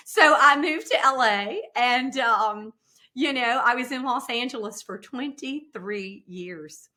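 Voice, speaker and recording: A woman in her fifties from South Carolina with a Southern American accent, a podcast guest chatting casually and telling stories with lots of laughter. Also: fairly high pitch. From South Carolina, USA. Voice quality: animated storyteller, laughs often, playful voices in quotes. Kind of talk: casual interview chat.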